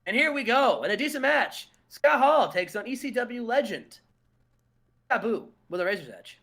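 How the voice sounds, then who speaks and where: High, lively man narrating a wrestling game. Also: normal speed, gravelly. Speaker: host booking a wrestling game. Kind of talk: casual play-by-play narration.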